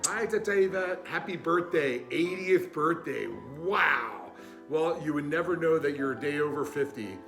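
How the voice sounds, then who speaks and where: A man's voice: a little high, moderate pace. Grateful man with a roomy echo. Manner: warm, grateful, with fillers. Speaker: nephew sending birthday wishes. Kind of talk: heartfelt video message. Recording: roomy recording with music.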